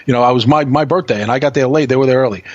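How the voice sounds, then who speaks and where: A man's voice: medium pitch, racing, no echo, lo-fi sound. A man talking bluntly as a guest in a casual podcast chat, swearing and telling stories.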